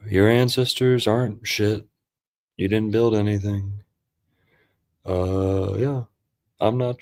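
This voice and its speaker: A hushed, soothing conspiracy narrator, as a man puts him on in whispered role-play. He has a low, soft, slow murmur that lulls rather than alarms.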